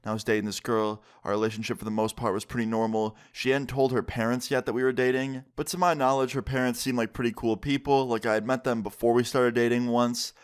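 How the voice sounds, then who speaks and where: A man's voice: medium pitch, steady tone, fast, hardly any pauses, clean tone. A young man telling a story on his YouTube channel in a casual way, with lots of "like" fillers. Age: young adult. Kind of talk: storytime vlog.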